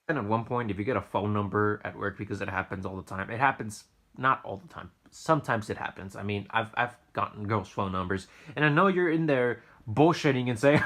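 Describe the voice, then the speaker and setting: A man's voice: mid-range voice, animated, a little fast, bright, forceful tone. A young man casually telling profane, rambling stories from his sandwich shop job, with frequent stammered restarts. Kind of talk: casual storytelling vlog.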